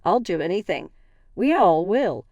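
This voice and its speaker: Woman narrator voicing a guilt-ridden sister, choked, pleading, lower voice. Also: very animated, unhurried, darkish tone, no room sound, lo-fi sound, full character voice. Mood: guilty.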